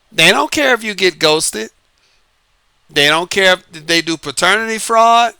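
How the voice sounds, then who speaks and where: Bright-voiced man ranting with laughter. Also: high-pitched, creaky, clear, resonant tone, no room sound. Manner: laughs often, uses Southern-flavored slang. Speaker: online commentary host. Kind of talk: casual monologue to viewers.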